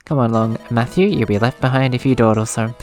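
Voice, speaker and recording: A man's voice: mid-range voice, brisk, a little mellow, faint music behind, close to an everyday voice. A man reading as a vain, bossy young cleric girl. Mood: demanding. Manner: self-absorbed, demanding. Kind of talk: reading game dialogue aloud.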